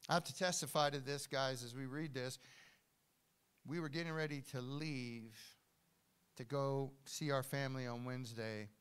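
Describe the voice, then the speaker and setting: Older guy preaching in church, bright clear voice, gets loud then quiet. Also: medium pitch, moderate pace. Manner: animated preaching, swings from hushed to loud. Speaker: pastor. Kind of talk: sermon. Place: church hall.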